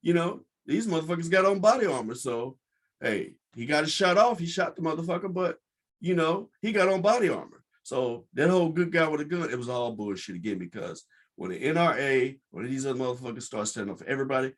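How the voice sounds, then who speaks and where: A man's voice: medium pitch, expressive, fairly quick. Blunt, profane male podcast host. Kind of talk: casual commentary monologue.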